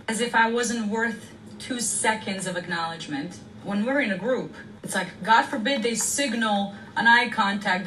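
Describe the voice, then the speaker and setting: A woman's voice: medium pitch, a bit bright. A woman talking candidly to camera, reflective and self-deprecating. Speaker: social media creator. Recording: roomy, distant, faint noise.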